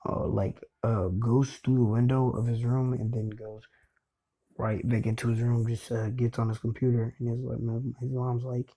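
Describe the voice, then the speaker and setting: A man's voice: mid-range voice, little pitch movement, moderate pace, mellow. A young man casually retelling a fan story in a rambling way. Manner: rambling, full of fillers and restarts. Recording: dull lo-fi recording.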